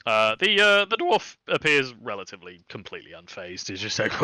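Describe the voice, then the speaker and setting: A man narrating a tabletop game as dungeon master, relaxed and chatty with lots of fillers. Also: medium pitch, no room sound.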